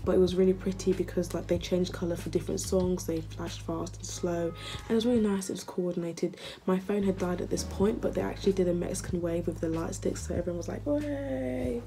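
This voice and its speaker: A woman vlogger chatting casually and gushing like an excited fan. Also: lowish voice, fast, soft background music. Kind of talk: casual chat.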